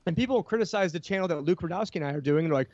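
Worked up guy ranting about money stuff, quick, kinda lo-fi. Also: sits high, lively intonation, darkish tone, no room sound. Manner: fast, heated explaining with frequent restarts. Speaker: financial commentator guest. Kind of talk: casual podcast chat.

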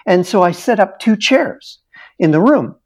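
A man's voice: sits high, lively intonation, unhurried, darkish tone. A middle-aged man, a therapist and interview guest, animatedly telling a case story and acting out the dialogue.

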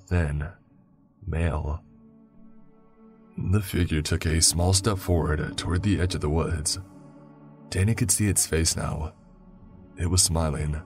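Very deep-voiced man narrating horror. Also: a little mellow. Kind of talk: scripted first-person horror narration.

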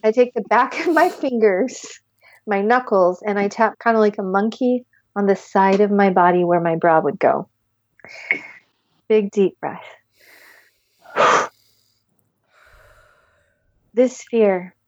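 A woman guiding a tapping session with calm step-by-step instructions, sighing deeply between phrases. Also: slow, pauses often, no echo, lo-fi sound. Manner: calm step-by-step instructions, leading group repetition. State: deep audible sighs and yawns between phrases. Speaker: tapping practitioner. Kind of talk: guided tapping session with breathing.

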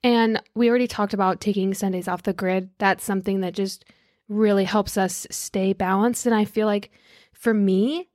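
A woman's voice: medium pitch, a little mellow, no echo, clean studio sound. A woman hosting a podcast, talking in a bubbly, gushing, chatty way. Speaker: podcast host. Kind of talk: casual podcast chat.

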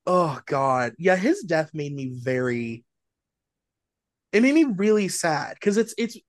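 A man's voice: a little high, slow pace, no echo. Chatty man co-hosting a pop culture show. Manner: chatty, many "like" fillers, animated storytelling. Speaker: podcast co-host. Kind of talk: casual pop culture chat.

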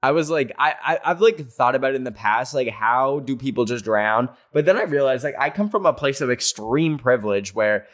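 A man's voice: medium pitch, expressive, fairly quick, hardly any pauses. Chatty young man hosting a podcast. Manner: chatty, rambling, joking, lots of "like" fillers. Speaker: podcast host reading listener stories. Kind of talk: casual chat. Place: home, near a garage.

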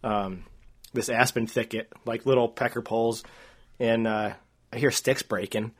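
A man's voice: mid-range voice, measured pace, slightly rough. Rambling man telling a hunting story. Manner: rambling, animated, frequent "like" and "uh". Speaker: podcast co-host. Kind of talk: casual storytelling.

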